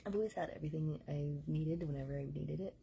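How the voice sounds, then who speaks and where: A woman hosting a casual tarot reading chat, unhurried and rambling, with a lot of fillers. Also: deep voice, creaky, dark tone, slight background noise. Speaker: tarot reader and host.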